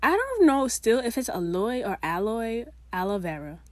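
A woman's voice: on the high side, big pitch swings, normal speed, dry recording. Chatty young woman rambling with asides. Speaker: vlogger. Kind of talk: casual chat to camera.

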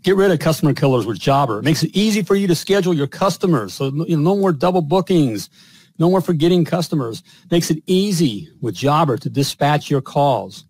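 Brief: loud, bragging male podcast host, slightly high voice, dead-dry studio sound. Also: animated, brisk, husky, no echo, rough recording. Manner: boastful, hyped, repetitive fillers. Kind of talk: energetic podcast hosting with sponsor read.

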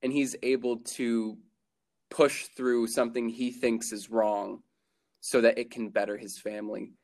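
A man's voice: medium pitch, little pitch movement, a little slow, a little mellow. A young man who is a college student, a podcast guest chatting casually, laughing often and restarting his sentences while he thinks. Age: young adult. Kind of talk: casual chat.

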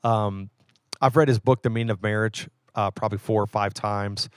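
A man's voice: lowish voice, steady tone, moderate pace, smooth, no room sound, studio quality. A man, a pastor from West Virginia, chatting casually and easygoing on a podcast. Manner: easygoing, stops and restarts, warm enthusiasm. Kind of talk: casual chat.

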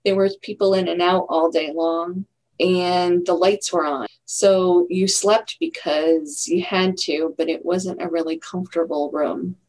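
A woman's voice: lowish voice, fairly even intonation, measured pace, a little mellow, rough recording. A middle-aged woman telling her own story in a candid, reflective way during a casual interview. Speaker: guest.

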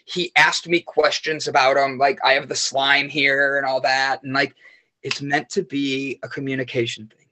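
A man guest on a podcast, telling rambling, animated stories and swearing freely in casual chat. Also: mid-range voice, moderate pace.

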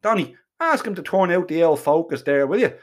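A snarling, cocky Irish singer who spits insults and curses, as a man puts him on. The voice sits slightly high. He sounds like a man always spoiling for a fight in an audiobook. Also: lively intonation, fairly quick, lightly acted. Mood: hostile. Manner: sneering, foul-mouthed.

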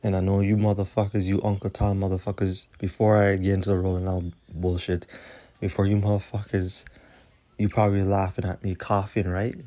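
A man's voice: deep voice, level tone, fairly quick, warm tone. A man, hosting a podcast and delivering a profane, confrontational solo rant. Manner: profane, confrontational ranting with repeated tag questions. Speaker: podcast host.

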